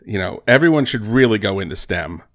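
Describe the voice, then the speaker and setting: A man's voice: on the low side, expressive, a little fast. A man from New Jersey co-hosting a comedy podcast, talking in a wry, rambling, self-deprecating way. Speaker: podcast co-host. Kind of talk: casual comedic chat.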